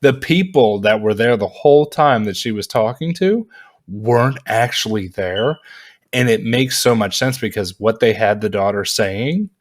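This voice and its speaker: A man casually reviewing a movie in a vlog, rambling and animated, with lots of fillers and frequent laughs. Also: on the low side, moderate pace.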